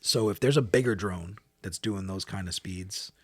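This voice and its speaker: A man's voice: low-pitched, moderate pace, husky, no echo. A man co-hosting a podcast in casual chat, rambling and restarting his sentences. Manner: rambling, restarts and trails off into asides. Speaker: podcast co-host.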